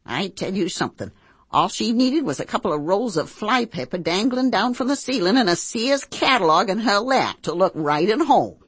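A woman's voice: medium pitch, animated, normal speed, breathy edge, dry recording. A woman narrating as a blunt, earthy 65-year-old housekeeper who talks in folksy, salty rural speech. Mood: wry. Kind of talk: first-person audiobook narration.

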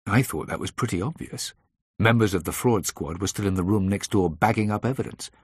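A man reading a first-person thriller aloud in a measured, dry storytelling manner. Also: fairly low pitch, breathy edge, no echo. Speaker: audiobook narrator.

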